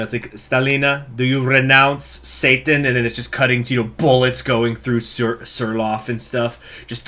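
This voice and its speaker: This strategy game playthrough is hosted by a man whose lowish voice is a bit bright. He reads out the event text and mixes in casual, jokey asides, with a little hiss or hum on the recording.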